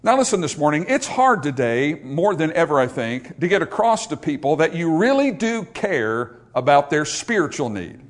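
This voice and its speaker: A man's voice: on the high side, sing-song, moderate pace, few pauses. A man preaching a sermon, earnest and emphatic, building his points through repeated phrases. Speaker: pastor.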